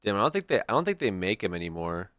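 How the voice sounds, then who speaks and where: Rattling off rambling stories to his stream viewers, the young man restarts often and adds storytelling asides. He talks rapid-fire and very animatedly in a fairly low, slightly bright voice, with clean studio sound and no room sound.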